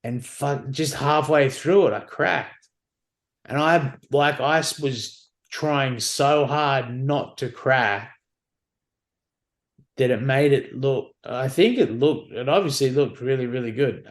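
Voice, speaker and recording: A man's voice: mid-range voice, unhurried. A man, a podcast guest, telling stories casually and animatedly, swearing and acting out the dialogue. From Australia. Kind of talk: casual storytelling.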